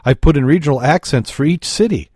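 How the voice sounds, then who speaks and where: A man's voice: fairly high pitch, fast talker, a little mellow, breathy edge, no room sound, studio quality, pitched above the performer's own voice. A man voicing a proud male inventor who is a scuba diver, eager and boastful.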